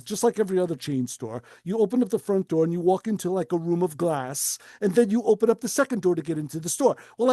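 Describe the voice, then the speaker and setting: Animated man telling a story on radio. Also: high-pitched, dry recording. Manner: animated storyteller acting out voices. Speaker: radio show co-host. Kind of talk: casual storytelling on talk radio.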